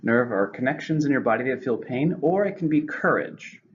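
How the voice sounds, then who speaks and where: A man teaching English vocabulary, slowly and carefully spelling out each word's syllables and stress. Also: medium pitch, animated. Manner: slow, careful enunciation of words. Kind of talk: vocabulary lesson. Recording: lo-fi with faint noise.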